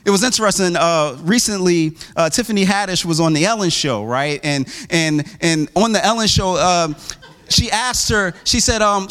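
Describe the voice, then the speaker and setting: A man with a high voice preaches in a church, talking in a relaxed, conversational way full of restarts and asides. When he quotes people he jumps into exaggerated, much higher voices before settling back into his steady sermon. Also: a little fast. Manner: acts out quoted voices with big pitch jumps. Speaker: pastor.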